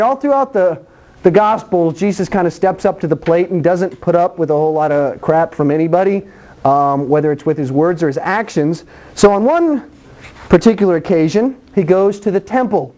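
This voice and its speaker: A preacher giving a sermon, telling Bible stories in an animated, conversational and blunt way, acting out voices and sound effects. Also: medium pitch.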